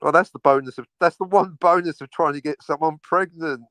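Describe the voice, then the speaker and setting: A man's voice: a little high, fairly quick, fairly bright tone, no room sound. A man co-hosting a casual podcast, ranting sarcastically and swearing freely. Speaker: podcast co-host. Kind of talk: casual crude banter.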